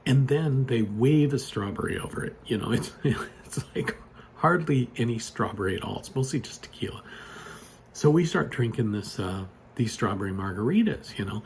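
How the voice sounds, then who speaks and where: Gravelly, mid-pitched man telling a rambling story into a phone at his desk. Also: darkish tone, slight background noise. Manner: rambling, lots of "you know" and restarts. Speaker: storyteller vlogger. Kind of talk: casual spoken storytelling. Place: home desk with computer monitors.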